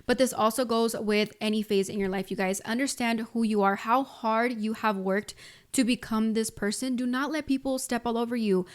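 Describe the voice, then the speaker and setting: A woman in her twenties hosts a solo podcast, giving motivational advice in a casual, emphatic way. She leans on filler words and keeps addressing her listeners directly. Her voice sits a little high. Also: fairly even intonation, normal speed. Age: 20s. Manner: casual and emphatic, frequent "like" and "you guys". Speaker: podcast host.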